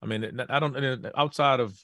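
A man giving quick basketball analysis on a podcast, stopping and restarting his sentences often. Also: mid-range voice, pushed and bright, dry recording, clean studio sound. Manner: fast, halting, frequent restarts. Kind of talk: casual sports podcast chat.

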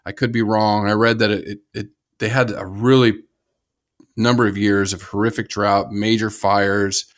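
A man's voice: fairly low pitch, little pitch movement, normal speed. A man with an American accent co-hosting a casual conservation podcast, talking enthusiastically and rambling, with many restarts and laughs. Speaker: podcast co-host.

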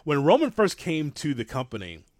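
A man co-hosting a wrestling talk show, rambling and animated, calling himself an old-school fan. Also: on the high side, normal speed, dry recording. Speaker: podcast co-host.

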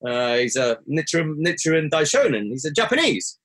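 This man's voice is a little high and sing-song, fairly quick and a bit bright. He's a guest recounting something from his own life, earnest and reflective, with his pitch leaping sharply each time he repeats his own words.

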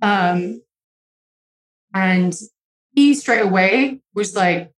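A woman's voice: medium pitch, takes it slowly, long pauses. Frank young woman, echoey room. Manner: emotional, swears freely, many "like" fillers. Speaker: interview guest. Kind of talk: candid conversational storytelling.

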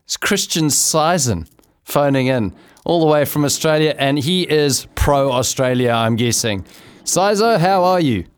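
A man's voice: a little high, animated, measured pace, clear, resonant tone. A man who co-hosts a cricket talk show as a former player, chatting in an easygoing, self-deprecating way. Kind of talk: casual studio banter.

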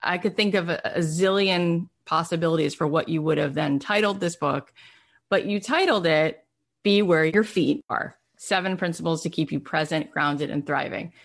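A woman's voice: sits low, normal speed, gravelly. A woman hosting an interview, asking her guest questions in an enthusiastic, casual way with plenty of fillers. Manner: enthusiastic, uses "like" often. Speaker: host.

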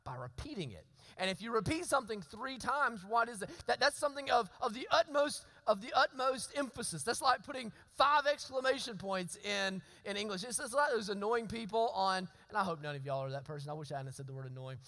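Bright, high-voiced preacher. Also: male voice, expressive, brisk, hardly any pauses. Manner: conversational preaching, repeats phrases, asks the congregation questions. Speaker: pastor. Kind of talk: sermon. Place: church sanctuary. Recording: long hall reverb.

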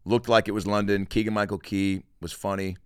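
A man's voice: lowish voice, little pitch movement, a little fast, clean tone, no echo, clean studio sound. A man hosting a comedy podcast, chatting casually and rambling in a jokey way, also doing an ad read. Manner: rambling, jokey, lots of fillers.

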